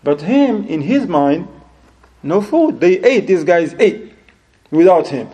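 A man giving a religious lesson, telling anecdotes in an animated way, with loose grammar and Arabic phrases sprinkled in. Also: high voice, takes it slowly, slightly rough, poor audio. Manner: loosely structured, non-standard English grammar. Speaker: religious teacher.

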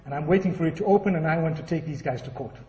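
A man's voice: fairly high pitch, rapid-fire, mellow, natural voice. A man playing an arrogant, indignant woman customer who huffs and makes demands, in a distant, dull hall recording.

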